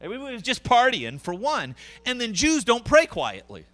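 A middle-aged man preaching a sermon, conversational and animated, with frequent asides to the congregation. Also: extremely high pitch, a little fast. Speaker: pastor.

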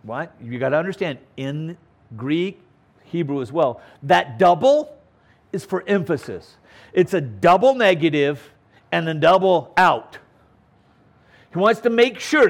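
Emphatic man teaching scripture, lively pitch. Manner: emphatic, repeats words for stress, asks "okay?" often. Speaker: Bible teacher. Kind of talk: verse-by-verse Bible teaching.

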